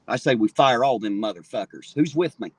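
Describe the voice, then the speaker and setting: A man in his 40s hosts a street livestream, ranting angrily and swearing a lot into his phone outdoors. His mid-range voice is animated and fairly quick with a breathy edge, and there's no room sound.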